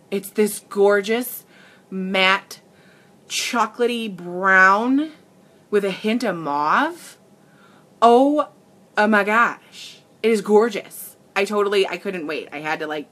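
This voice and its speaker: Gushing, tearful woman makeup streamer. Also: mid-range voice. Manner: gushing, excitable, greets viewers. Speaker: makeup livestreamer. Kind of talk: casual livestream chat.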